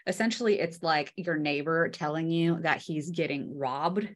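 Woman, college lecturer, casual and chatty, fillers, slightly low voice. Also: moderate pace. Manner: chatty, many fillers, folksy analogies. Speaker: microbiology lecturer.

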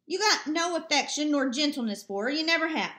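A woman reading the part of a weary, stubborn old farmer father in a slow, plaintive way, in a roomy home recording. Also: high-pitched, expressive, bright, forceful tone. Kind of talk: amateur audiobook reading.

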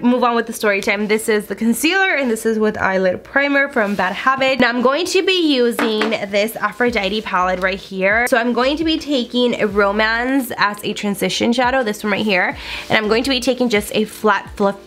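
In a get-ready-with-me makeup video, a young woman who runs a beauty channel chats through a story with lively animation, saying "like" and "girl" a lot. Her voice is a little high.

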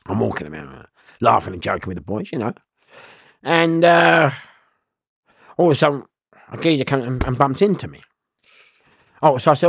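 A middle-aged man, telling prison stories loudly in an interview. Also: mid-range voice, moderate pace, vocal fry, long pauses, slightly rough, no echo, clean studio sound. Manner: loud, lively, laughing storyteller. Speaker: interview guest. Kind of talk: storytelling in an interview.

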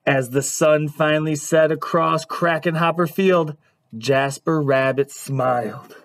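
A man reading a children's picture book aloud at story time, animated and asking his young listeners questions. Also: a little high, measured pace, a little hiss or hum. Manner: animated, asks questions to listeners, lots of hums.

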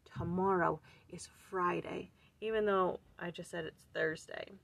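A woman's voice: fairly low pitch, steady tone, unhurried, creaky, no echo. A woman hosting her own casual scripture study, thinking aloud in earnest and searching for words with sighs and restarts. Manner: earnest, urging questions to the listener. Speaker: host of a daily scripture study channel.

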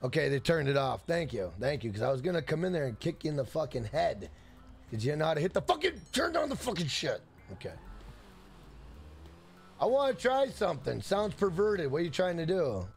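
A man's voice: a little high, big pitch swings, brisk, vocal fry, a little hiss or hum. A man chatting casually on a game live stream, rambling and swearing. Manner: profane, rambling banter.

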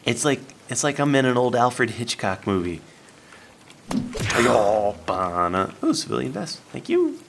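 A man giving playful, animated let's-play commentary, talking to the game and his viewers and jumping up to excited yelps. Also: measured pace, noisy background. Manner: jumps to high excited yelps. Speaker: gaming YouTuber.

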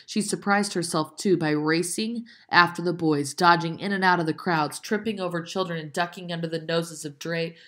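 A woman reads a children's historical novel aloud, expressive and lively, correcting small slips as she goes. Her voice sits slightly low, and now and then she stops to explain a detail to her listeners. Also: moderate pace, few pauses. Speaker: reader reading a chapter book aloud. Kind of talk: read-aloud narration with asides.

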